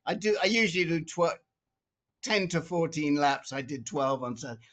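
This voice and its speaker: A man with a notably high voice tells a story on a group video call. He gets animated and often restarts and repeats his words as he talks. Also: normal speed. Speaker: support group member.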